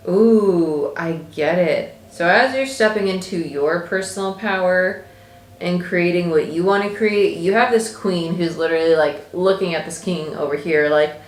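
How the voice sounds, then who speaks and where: A woman's voice: lowish voice, moderate pace, roomy sound. Chatty woman doing a tarot reading. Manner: chatty, animated, thinks aloud. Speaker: tarot reader.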